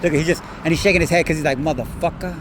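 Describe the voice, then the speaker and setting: Filming passing cars with his phone, a weary man reads their plates slowly and adds crude, combative remarks about the street. His voice sits fairly high with a steady tone, and background noise is audible.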